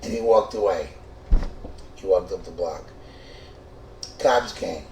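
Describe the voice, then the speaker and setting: A man's voice: deep voice, slow. A middle-aged man telling a comic true story, swearing freely and stumbling over restarts. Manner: profane, stammering restarts, animated. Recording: echoey room, distant mic, faint noise.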